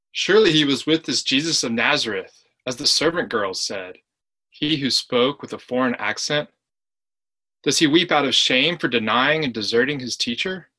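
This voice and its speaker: A man's voice: medium pitch, pushed and bright. A man playing a troubled onlooker in ancient Jerusalem, in a reflective, questioning church monologue. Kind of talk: church dramatic reading.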